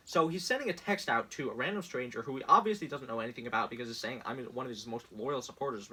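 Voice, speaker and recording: A man's voice: on the high side, bright, forceful tone, husky. A young man ranting sarcastically in casual commentary, exasperated and laughing often.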